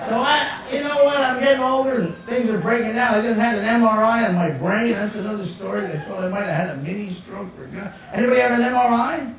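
Brash middle-aged comic. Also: male voice, high-pitched, fast, few pauses, crowd noise. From New Jersey. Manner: brash storytelling with punchy asides. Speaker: stand-up comedian. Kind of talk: stand-up comedy set. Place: comedy stage before a live audience. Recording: echoey, distant, muffled live room.

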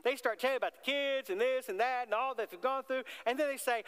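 A man's voice: very high voice, fast talker, a bit bright, clear, resonant tone. A man preaching a sermon as pastor, in a conversational way, often asking the congregation questions. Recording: long hall reverb.

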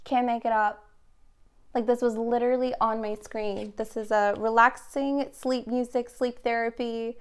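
A young woman with a slightly high voice gives a casual tarot reading straight to camera. She talks in an excitable, rambling way, full of fillers and restarts. Her delivery is chatty and unscripted. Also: a little slow, clean tone. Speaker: tarot reader.

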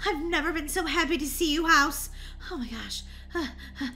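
A woman playing a game role-play in an excitable, dramatic way, often stammering, over faint background noise. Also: high-pitched, fairly quick.

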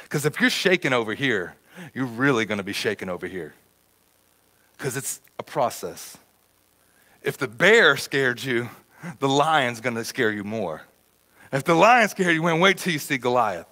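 A man preaching a sermon as a church pastor, stammering and repeating words as he gets fired up, swinging from hushed to loud. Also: medium pitch, lively intonation, measured pace, long pauses.

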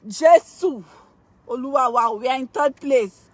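A woman's voice: sits high, slow pace, a little mellow. A Nigerian woman on a live stream, emotionally pleading with fans to vote, repeating herself and laughing often. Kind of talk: excited live-stream chat.

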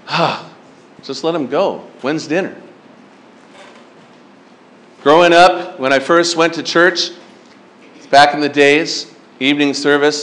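Man, pastor, high voice, camp sermon, acts out stories, questions the crowd. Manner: animated storytelling, acts out his younger self. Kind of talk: sermon to teen campers.

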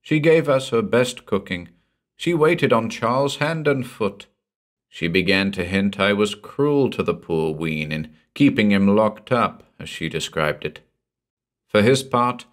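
A man with a deep, low voice reads a weird tale aloud as the first-person teller. He takes his time and lets each sentence settle. It is steady storytelling for an audiobook. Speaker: narrator. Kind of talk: audiobook reading of a horror story.

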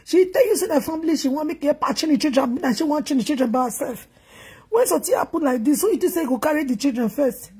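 High-pitched wailing Nigerian woman. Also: lively intonation, fast talker, warm tone. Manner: wailing, chanting, grief-stricken. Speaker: gossip vlogger. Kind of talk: emotional lament and gossip.

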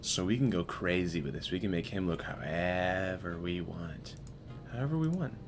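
A man's voice: low voice, fairly even intonation, moderate pace, over music. A man hosting a live stream, chatting casually and playfully with viewers while he works. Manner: playful, teasing, talks to chat while working.

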